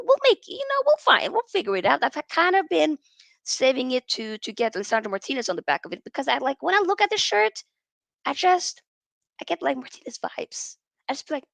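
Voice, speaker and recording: A woman hosting a casual football livestream, rambling and animated as she reads out chat and answers viewers. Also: sits high, normal speed, no echo. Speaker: football channel host.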